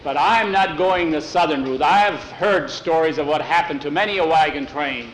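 A stubborn frontier settler who defies the wagon master, as a male storyteller puts him on. He speaks raised and insistent, pitched a bit higher than the narration. The voice rings in an echoey room. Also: normal speed, a little hiss or hum, natural voice. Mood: defiant. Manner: defiant, insistent.

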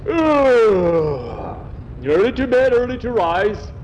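A man voicing a harsh, demanding farm boss who yells and grumbles impatiently. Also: high-pitched, very animated, slow, muffled recording, slight background noise, voice pushed up, heavily acted. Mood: gruff impatient. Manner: loud, yelling, impatient.

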